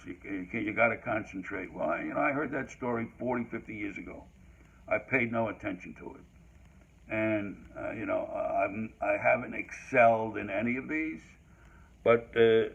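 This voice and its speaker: A man's voice: fairly low pitch, creaky, breathy edge. An older man hosting a history talk, giving a rambling solo monologue full of fillers and restarts. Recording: dull lo-fi recording.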